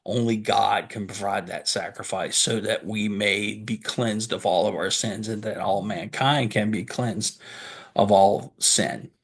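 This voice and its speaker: With a fairly low, slightly rough voice and a steady tone, a pastor preaches a little slowly. He earnestly reads scripture aloud, pauses to explain it, and poses questions before answering them himself.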